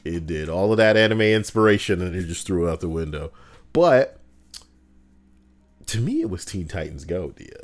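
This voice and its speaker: Casting: low-voiced male streamer, lively swooping delivery, loose swearing chat. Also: moderate pace, pauses often. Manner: animated, swearing, drifting asides. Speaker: streamer reading Reddit posts. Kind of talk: casual livestream chat.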